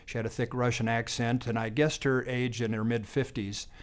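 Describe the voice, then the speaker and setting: A man in his fifties, a doctor, telling stories from his practice in a folksy way, halting often with fillers and restarts. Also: mid-range voice, flat delivery. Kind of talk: testimonial monologue.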